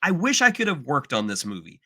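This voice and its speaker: A man co-hosts a casual podcast with a strikingly bright, forward voice. His pitch swings widely as he exaggerates, and his register sits a little above the usual male range. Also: brisk. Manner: animated, exaggerated, breaks into mock voices. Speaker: podcast co-host.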